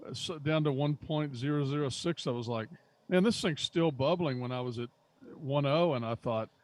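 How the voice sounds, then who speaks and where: A man co-hosting a homebrew podcast, talking in a halting, wry way with many restarts. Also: medium pitch, steady tone, darkish tone, dry recording. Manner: halting, repeats words, wry. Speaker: podcast co-host. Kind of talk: casual chat.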